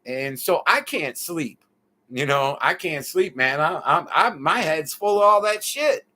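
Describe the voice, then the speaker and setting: A man from the United States, a guest in an interview, telling his story in an animated, casual way. He swears freely and keeps adding "you know what I mean" asides. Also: a little high, measured pace. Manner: animated, profane, lots of filler asides.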